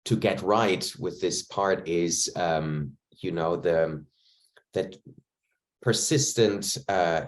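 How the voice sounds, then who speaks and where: A man, an actor reflecting at length in an interview over a video call, choosing his words carefully. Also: sits low. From Germany. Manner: thoughtful, searching for words, measured.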